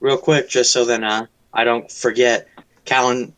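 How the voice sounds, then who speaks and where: A man's voice: medium pitch, little pitch movement, unhurried, a bit bright. A young man playing in a tabletop game, chatting casually and joking at his own expense. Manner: joking, self-mocking. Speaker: player.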